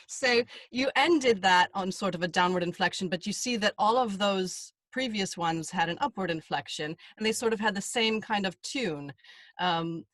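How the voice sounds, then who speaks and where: An American woman, a voiceover artist, explaining voice work in a relaxed interview chat. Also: on the low side, normal speed, no room sound. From United States. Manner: demonstrates inflections while explaining.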